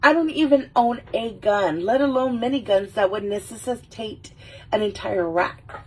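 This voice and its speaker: A woman's voice: fairly high pitch, normal speed, a little mellow, slightly rough, voice pushed up. A woman voicing an exasperated young man, quoting his lines with indignant sarcasm. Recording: voice a little far from the mic.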